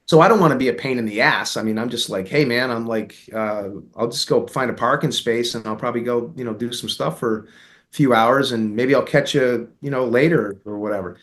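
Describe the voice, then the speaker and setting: Speaking a little fast at medium pitch, a middle-aged American interviewee spins out a lengthy story. His telling is loose and meandering, packed with fillers and bits of quoted dialogue.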